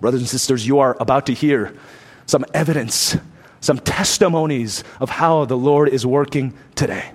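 A man's voice: medium pitch, moderate pace. A man preaching a sermon emphatically, letting his voice rise and fall for emphasis. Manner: emphatic preaching, rising and dropping for effect. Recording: long reverb from a large hall.

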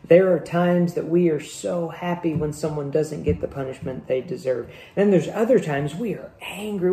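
Male pastor, conversational sermon delivery; gravelly tone, roomy church-hall sound. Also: on the high side, moderate pace, few pauses, dark tone. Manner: conversational preaching with rhetorical questions. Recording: echoey room.

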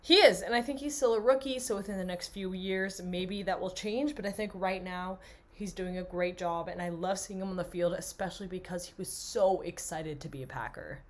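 A woman's voice: on the low side, a little fast. A young woman co-hosting a casual sports podcast, chatty and enthusiastic, laughing often. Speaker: podcast co-host.

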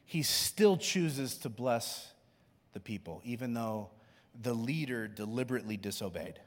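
A man preaching a sermon in a conversational way, going from hushed to loud. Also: medium pitch, animated, unhurried. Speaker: pastor. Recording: long reverb in a large hall.

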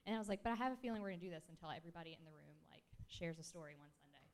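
A woman's voice: on the low side, expressive, racing. A shy, self-described introverted woman telling a rambling story at a church gathering, with many fillers and restarts, into a handheld mic. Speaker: church member sharing a testimony. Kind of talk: casual spoken testimony.

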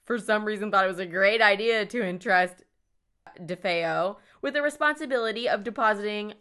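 A woman co-hosting a podcast with a bright, clear voice. She recounts a crime story in a loose, chatty way, swearing and cracking jokes as she goes. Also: medium pitch, normal speed. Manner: swearing, joking, playful mock voices. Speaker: podcast co-host. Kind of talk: casual true-crime storytelling.

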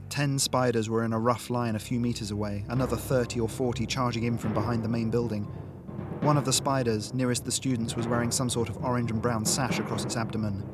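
A man reading an action science fiction audiobook in a steady, dramatic narration style. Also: medium pitch, fairly quick. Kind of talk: scripted narration. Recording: music bed under narration.

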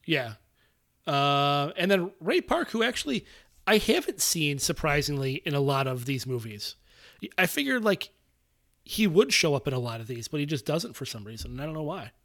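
Man, podcast co-host, casual chat, rambling, jokey, slightly high voice. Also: sing-song, normal speed, fairly bright tone.

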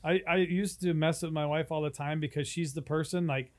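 A man with a somewhat high voice talks loosely on a podcast, dropping curses and laughing through his stories. His delivery is easygoing. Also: steady tone, brisk. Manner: laid-back, swears a lot, laughs often. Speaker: podcast co-host. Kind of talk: casual crude chat.

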